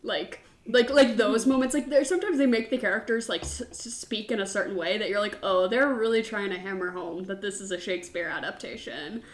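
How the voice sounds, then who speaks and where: A woman co-hosting a casual podcast chat, animated and laughing, swearing offhandedly and full of "like" fillers. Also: mid-range voice, brisk, hardly any pauses, reverberant. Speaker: podcast co-host.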